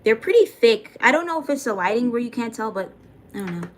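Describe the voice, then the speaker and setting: A young adult woman chats casually on a livestream, reading comments, thanking viewers by name, and swearing from time to time. Her fairly high voice is very animated and fast, with slight background noise.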